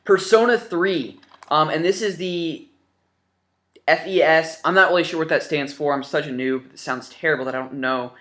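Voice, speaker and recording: Bright, eager young man gushing. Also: fairly high pitch, normal speed. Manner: enthusiastic and rambling, with many fillers. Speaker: gaming YouTuber showing his new games. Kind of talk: casual vlog.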